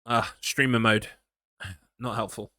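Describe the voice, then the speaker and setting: This horror-game streamer from England speaks slowly in a lowish, bright, forceful voice with fairly even intonation. He rambles casually, talks to himself, and mocks himself as he reads his chat, in a dry, studio-quality recording.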